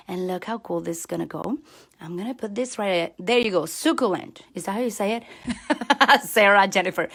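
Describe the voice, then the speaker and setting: A woman's voice: on the high side, fairly bright tone. A woman hosting a card-making channel, chatting while she works and answering viewers' comments, speaking English that is not her first language. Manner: chatty and self-deprecating, talks while working. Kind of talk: live crafting demo, reading viewer comments.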